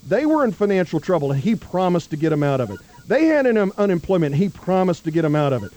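High-voiced rambling radio guest. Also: male voice, very animated, fast talker, dark tone. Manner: rambling, restarts a lot, trails off low. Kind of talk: political talk radio.

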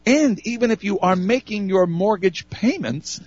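Male radio co-host, husky voice, brisk and jokey, dry, slightly dull sound. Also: high-pitched, expressive, a little mellow, no echo. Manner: brisk, jokey, reads out numbers. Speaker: radio talk show co-host. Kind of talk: casual on-air chat.

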